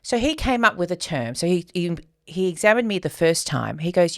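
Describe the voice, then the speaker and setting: A woman co-hosting a podcast, telling a candid personal story in casual chat and getting animated when she quotes other people. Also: lowish voice, a little fast, dry recording, clean studio sound. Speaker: podcast co-host.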